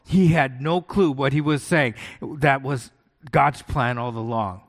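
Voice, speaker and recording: A man's voice: medium pitch, unhurried. Man preaching with a long hall echo. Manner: conversational, keeps asking "right?" and rhetorical questions. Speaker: pastor. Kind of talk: sermon.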